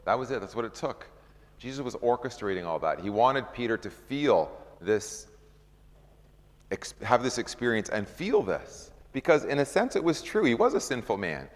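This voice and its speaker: A man's voice: medium pitch, very animated, moderate pace. A man leading an informal Bible study, talking conversationally, asking the group questions and acting out scripture scenes. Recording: long hall reverb.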